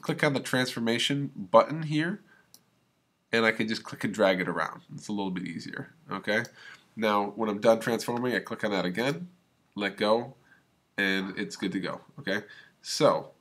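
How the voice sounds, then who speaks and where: A man's voice: fairly low pitch, normal speed, a bit bright. A man teaching a video editing class, talking through each click step by step in a casual way. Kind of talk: screen-recorded software tutorial.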